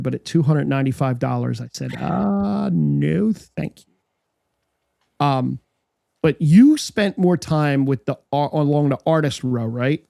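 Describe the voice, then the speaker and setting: A man's voice: on the high side, vocal fry, warm tone, dry recording, clean studio sound. A man co-hosting a podcast, chatting casually and telling a story with acted-out quotes and frequent restarts. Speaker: podcast co-host. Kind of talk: casual chat.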